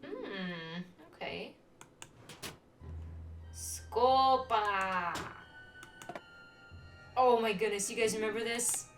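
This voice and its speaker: A woman's voice: on the high side, expressive, extremely slow, pauses often, distant mic, low-quality recording. A young woman playing a video game and chatting casually, often reading on-screen text aloud. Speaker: let's-play host. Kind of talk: casual gameplay chat. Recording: game music playing behind.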